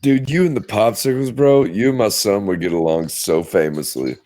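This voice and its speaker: A man with a lowish voice hosts a podcast in easygoing conversation. He laughs readily and stretches his fillers as he works toward a point. It sounds like casual talk into a podcast mic. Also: mellow, slight background noise. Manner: laid-back, laughs easily, drawn-out fillers. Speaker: podcast host. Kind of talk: casual chat.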